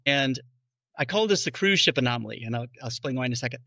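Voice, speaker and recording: A man's voice: medium pitch, expressive, fast talker, sharp tone, no echo, muffled recording. A man who is a bariatric physician, patiently explaining in a podcast interview and acting out his patients' questions.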